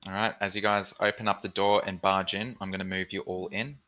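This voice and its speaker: A man acting as dungeon master, running an online tabletop game with relaxed, steady narration and frequent rules checks. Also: low-pitched, a little fast, muffled recording.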